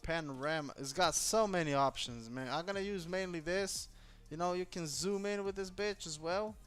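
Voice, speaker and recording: A man vlogging casually at home, talking aloud as he tries out a camera gimbal. He speaks in a loose, slangy, profane way and gets excited easily. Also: high-pitched, moderate pace, smooth, faint music behind. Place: indoors at home.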